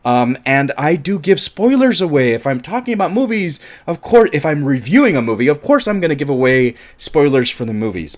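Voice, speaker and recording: An American man from California talking casually through an unedited movie review video, chatty, rambling and self-deprecating. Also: mid-range voice. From California, USA.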